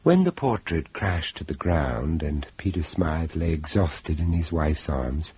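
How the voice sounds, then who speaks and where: A husky theatrical horror narrator. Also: male voice, extremely low pitch, animated, measured pace, darkish tone, no room sound, full character voice. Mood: hushed. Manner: theatrical, menacing storytelling. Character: suave middle-aged male narrator-hero. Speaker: host and narrator. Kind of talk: 1970s radio drama narration.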